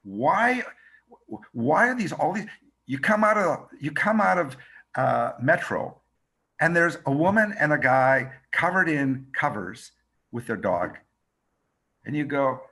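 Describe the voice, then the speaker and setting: A man, a radio reporter and documentary maker, teaching a workshop by telling a fast, expressive story and acting out the quotes, over a video call. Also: on the high side, husky. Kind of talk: animated storytelling lesson.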